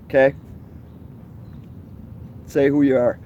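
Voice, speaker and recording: Dude chatting on a night fishing livestream, normal voice, bit of noise outside. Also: male voice, mid-range voice, measured pace, darkish tone. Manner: asks questions, chatty and loose. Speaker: fishing show co-host. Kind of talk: casual live-stream chat. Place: outdoors on a river at night.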